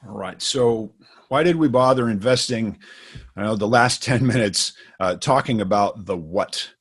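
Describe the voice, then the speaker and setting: A man's voice: fairly low pitch, moderate pace, a bit bright, husky. Easygoing man telling a story. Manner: storytelling, many fillers and restarts. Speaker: co-host. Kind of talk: casual instructional talk.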